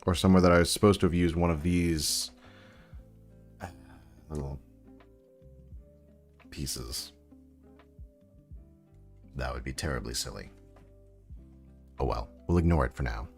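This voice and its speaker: A man's voice: rumbling low, a little slow, long pauses, soft background music. A man hosting a casual building live stream, rambling and chatting with viewers as he works. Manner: chatty, rambling, answers chat while building. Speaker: livestream host building sets.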